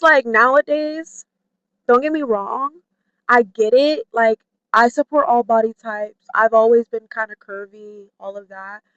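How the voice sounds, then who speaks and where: A woman vlogger talking candidly to camera in a chatty way, full of "like" and "you know", who mimics her friends in a high playful voice. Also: a bit bright, no echo, dull audio. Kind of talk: candid personal talk to camera.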